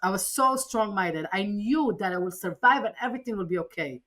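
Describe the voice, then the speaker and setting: A woman recounting a personal story as a podcast interview guest, earnest and animated, often restarting her sentences. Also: mid-range voice, fairly quick.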